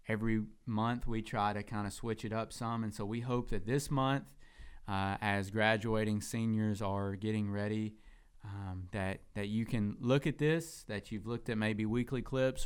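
A man who leads a student ministry, talking in a relaxed, rambling way with lots of fillers. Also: lowish voice, a little slow, clear, resonant tone. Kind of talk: casual church podcast talk.

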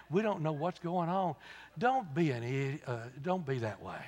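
Folksy preacher in a reverberant hall. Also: male voice, on the high side, sing-song, moderate pace, slight background noise. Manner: folksy storytelling, swings from soft asides to loud emphatic peaks. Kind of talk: sermon. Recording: long reverb of a large hall.

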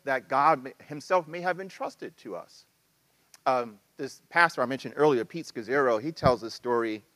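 A man preaching a sermon as pastor, talking with a casual, animated style full of asides and acted-out quotes. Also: medium pitch, no echo.

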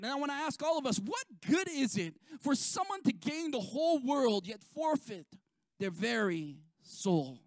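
A man preaching a sermon as pastor, talking emphatically and repeating key phrases, with sharp swings in loudness. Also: extremely high pitch, no room sound.

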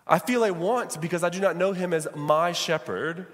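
A man's voice: sits high, normal speed, fairly bright tone. A man preaching a sermon as pastor, calling out to his congregation. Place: church sanctuary. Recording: long church reverb.

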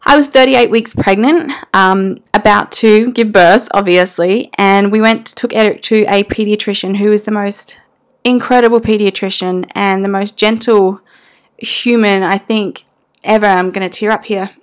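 A woman's voice: medium pitch, fairly even intonation, moderate pace. A young woman speaking as a mother, telling her family's story in a candid, emotional way with casual slang and fillers.

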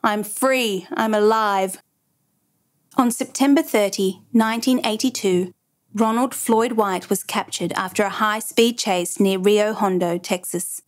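A woman narrates a true story in a measured, dramatic way. Her voice sits at a middling pitch, and she tells the story with a steady build of suspense.

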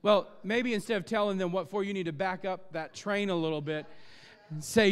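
A male pastor preaching a sermon, impassioned and emphatic, his voice building to loud peaks. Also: high-pitched, fairly even intonation, fairly quick, clear, resonant tone. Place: church sanctuary. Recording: long church reverb.

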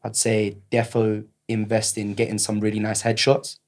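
A man's voice: fairly low pitch, monotone, normal speed, a little mellow. A man, a guest on a podcast, giving casual advice and often repeating words and restarting sentences. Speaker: actor guest.

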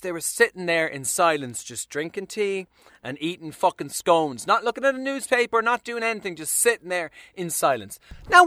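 A man doing a profane stand-up rant, swinging between quiet mock-calm and shouted outbursts. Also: on the high side, no room sound. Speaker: stand-up comedian.

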